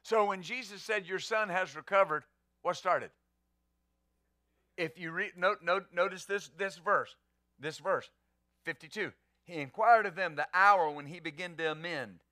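Bright, high-voiced preaching pastor. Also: male voice, a little slow, no room sound, studio quality. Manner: emphatic preaching with rhetorical questions. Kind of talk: sermon.

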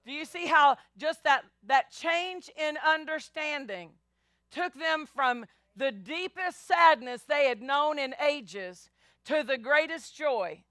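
High bright-voiced woman preaching. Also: slow, no room sound, studio quality. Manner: animated, acts out voices of biblical people; addresses congregation as y'all. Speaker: pastor. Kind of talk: sermon.

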